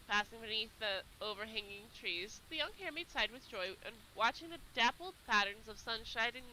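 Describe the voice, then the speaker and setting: A woman reads a fantasy novel aloud, her voice high, bright and lively. She narrates expressively, with casual asides to listeners, over a faint noise. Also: poor audio. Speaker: storybook reader. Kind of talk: live reading of a novel aloud.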